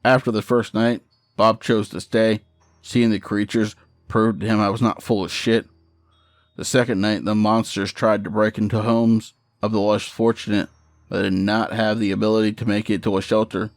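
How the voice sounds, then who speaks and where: A man's voice: lowish voice, level tone, normal speed, dry recording, clean studio sound. A man reading a first-person horror story in a matter-of-fact, profane storytelling manner.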